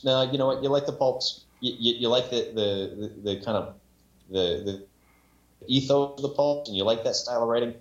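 A man's voice: lowish voice, expressive, brisk, a bit bright. A man in casual podcast chat, wry and joking, often cutting in. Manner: joking, wry, talks over others. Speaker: podcast co-host. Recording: roomy, dull lo-fi sound.

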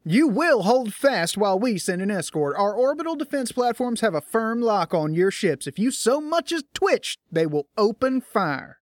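Hostile male controller, raised and forceful, barking warnings, played by a man. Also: high-pitched, very animated, moderate pace, few pauses, no room sound, studio quality, pitched above the performer's own voice. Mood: stern. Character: stern male officer, hostile colony approach control.

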